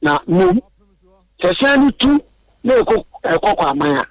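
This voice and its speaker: Man, slightly higher voice, earnest radio explainer who circles back and repeats words. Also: big pitch swings, moderate pace, no echo, poor audio. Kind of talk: radio discussion.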